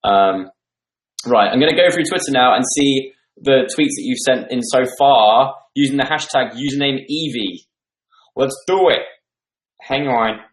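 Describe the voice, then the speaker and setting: Here the streamer, a man in his twenties, has a medium-pitched voice and a measured pace. He rambles casually through comments at home on a desktop microphone, with a roomy sound to the recording.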